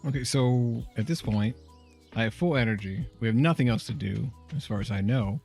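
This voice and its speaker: A man's voice: mid-range voice, moderate pace, vocal fry, darkish tone. American guy on a co-op game stream, dry and wry, faint game music behind. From United States. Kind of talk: casual let's-play chat.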